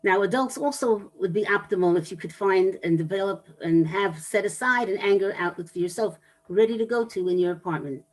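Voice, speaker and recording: A woman giving a talk on anger management to an audience, explaining in a measured way with pauses and restarts. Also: medium pitch, rough recording.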